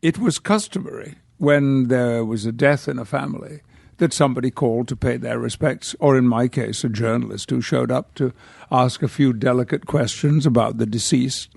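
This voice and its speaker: An older man from the north of England tells stories as a podcast guest, pausing and circling back as he goes. His voice has a gravelly edge. The studio sound is close and dry. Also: medium pitch, darkish tone, dry recording. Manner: rambling anecdotes with hesitations. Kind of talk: casual interview storytelling.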